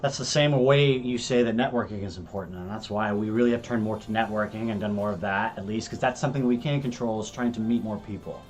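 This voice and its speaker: A man's voice: fairly low pitch, quick pace, few pauses, soft background music. A young American man co-hosting a casual live stream, who rambles, restarts his sentences and swears freely. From United States. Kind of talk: casual chat.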